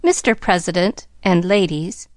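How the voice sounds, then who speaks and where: A woman's voice: fairly low pitch, a little slow, no echo, clean studio sound, lightly acted. A woman voicing a charming, mock-humble teen boy. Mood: playful. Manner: engaging, mock-humble, grand. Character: charming teenage boy, playful rascal.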